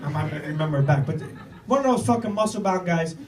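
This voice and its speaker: A man's voice: fairly high pitch, animated, quick pace, crowd noise. A middle-aged man telling a stand-up story on stage, rambling and profane, with stammered restarts. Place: comedy club stage with audience. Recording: echoey room, recorded from far off.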